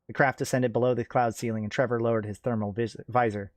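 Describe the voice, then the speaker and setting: A man's voice: medium pitch, fast talker, no echo. Dry-sounding man reading sci-fi aloud. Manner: steady reading with occasional self-corrections. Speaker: narrator.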